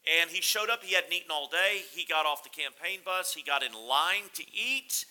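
Man in his forties, pastor, humorous storytelling sermon, very bright tone. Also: a little high, lively intonation, moderate pace, poor audio. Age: 40s.

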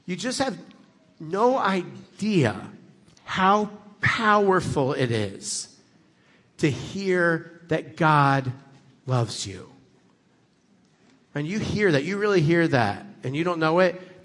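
Bright-voiced man preaching a story sermon. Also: on the high side, big-room sound. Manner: lively storytelling with acted-out dialogue. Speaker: guest preacher.

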